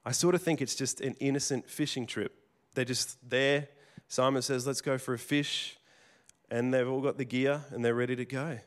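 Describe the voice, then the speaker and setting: A man preaches a sermon like he's telling a story in conversation, slipping in casual restarts and asides. His medium-pitched voice has fairly even intonation at a normal speed, with the plain sound of a working tradesman.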